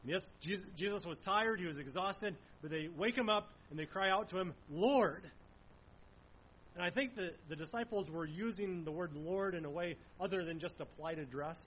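A man's voice: high-pitched, fairly quick, hardly any pauses, fairly bright tone, highs cut off, a little hiss or hum. A man preaching a sermon in an earnest way, asking rhetorical questions as he explains the passage. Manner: earnest, uses rhetorical questions, some restarts.

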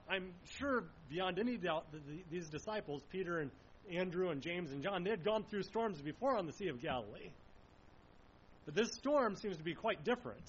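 A man's voice: high voice, a bit bright, highs cut off, slight background noise. A man preaching a sermon in an earnest way, asking rhetorical questions as he explains the passage. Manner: earnest, uses rhetorical questions, some restarts.

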